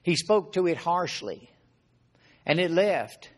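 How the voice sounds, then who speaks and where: A middle-aged man preaching in a relaxed, conversational way, his voice sitting a little higher than most men's. He poses rhetorical questions to his listeners and keeps stopping to clear his throat. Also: takes it slowly. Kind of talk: informal sermon.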